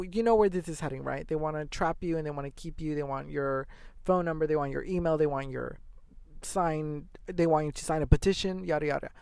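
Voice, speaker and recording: Gravelly young man, rambling storyteller. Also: on the high side, brisk, no room sound. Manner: rambling, animated storytelling with fillers and swearing. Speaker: podcast host. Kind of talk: casual solo monologue.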